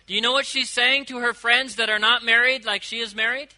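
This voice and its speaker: A man delivers a sermon in a high, very bright voice. He preaches with animation, swinging between loud emphasis and quiet asides. He stretches out quoted lines slowly. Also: rough recording. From United States. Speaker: pastor.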